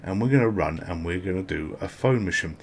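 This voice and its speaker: Chatty British man, lowish voice. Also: fairly quick, husky. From Britain. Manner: chatty and rambling, with excited exclamations. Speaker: gameplay commentator. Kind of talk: casual gameplay commentary.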